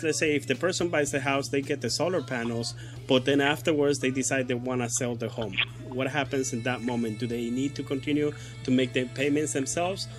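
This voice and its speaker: A man hosting a casual interview, talking conversationally and asking long, winding questions. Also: mid-range voice. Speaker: host.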